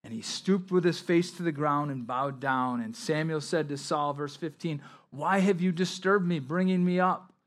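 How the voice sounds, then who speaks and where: A man delivering a sermon in a somewhat high voice. He reads scripture passages aloud, then explains them in his own words, pressing hard on key points. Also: normal speed, few pauses. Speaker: pastor.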